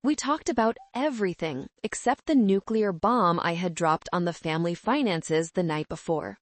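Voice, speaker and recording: Calm, measured woman storyteller. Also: on the low side, no echo. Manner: calm, measured, cold resolve. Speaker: narrator. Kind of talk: scripted first-person story narration.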